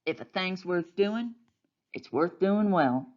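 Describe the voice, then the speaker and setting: A woman voicing a bossy, cheerful old countrywoman who scolds in a brisk, folksy way, in a storybook reading. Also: on the low side, lively intonation, darkish tone, dull audio.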